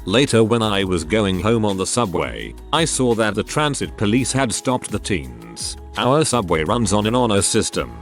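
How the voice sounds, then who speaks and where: Guy reading reddit-style stories, lowish voice that moves around a lot, soft music under it. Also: normal speed, few pauses. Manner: calm storytelling read-aloud. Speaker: narrator reading online stories. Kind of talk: scripted narration. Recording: faint music behind voice.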